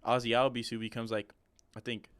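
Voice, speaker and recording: A man's voice: medium pitch, little pitch movement, fairly quick, smooth, no echo. A young man co-hosting a podcast, talking sports casually and enthusiastically, rambling with restarts. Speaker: podcast co-host.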